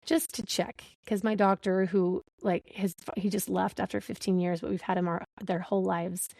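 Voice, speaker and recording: A woman's voice: medium pitch, little pitch movement, normal speed, creaky, a little mellow, dry recording. Laughing woman telling a candid story. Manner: candid storyteller, laughs a lot, acts out dialogue. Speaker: podcast host. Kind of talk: casual chat.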